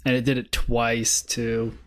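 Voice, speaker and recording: Brief: male stream host, unhurried, mid-pitched, casual market chatter. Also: monotone. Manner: laid-back, muttering, bursts of swearing laughter.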